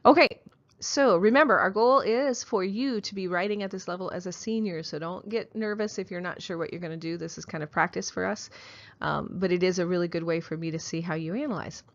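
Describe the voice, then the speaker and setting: A woman's voice: on the low side, a little fast. Woman teacher giving a lo-fi classroom lecture. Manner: explains step by step, checks in with "okay?". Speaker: high school English teacher.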